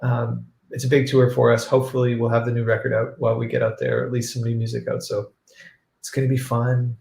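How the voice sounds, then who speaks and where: A man hosting a casual livestream, relaxed and reading viewer questions aloud. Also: medium pitch, quick pace, vocal fry, echoey room, slight background noise. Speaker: band member hosting a livestream.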